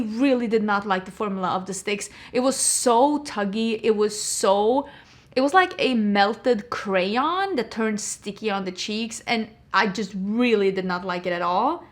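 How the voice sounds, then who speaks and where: A young adult woman talking casually as a beauty vlogger, chatty and full of rhetorical questions. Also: on the high side. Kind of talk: casual chat.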